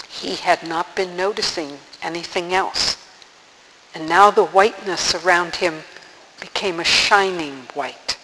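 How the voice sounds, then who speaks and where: A man reading a storybook aloud in an unhurried, gentle storytelling manner. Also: high-pitched, long reverb tail, slight background noise, poor audio. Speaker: narrator.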